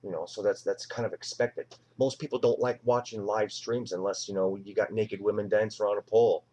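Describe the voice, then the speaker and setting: Casual middle-aged male streamer, lowish voice, rambling and profane, talking from home. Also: fairly even intonation, a little fast, mellow. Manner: rambling, swears freely, acts out quoted voices. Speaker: live stream host. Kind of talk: casual live-stream chat.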